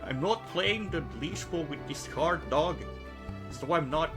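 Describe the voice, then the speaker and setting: A man's voice: on the high side, animated, a little slow, music in the background, voice pushed up. A man voicing a scornful young rogue woman in a video game, with a clipped, put-on dialect and a sneering manner.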